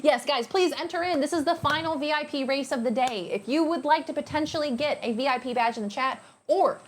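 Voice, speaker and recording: A woman's voice: sits high, a little fast, slight background noise. A young woman streaming live, chatting casually and playfully with her viewers and thanking them by name.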